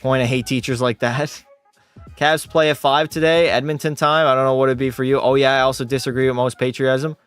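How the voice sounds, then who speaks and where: A Canadian man, a gaming streamer, chats casually on a game livestream, reading out viewer messages and answering them with banter. His voice is brisk, clear and resonant, with animated jumps in pitch over soft background music.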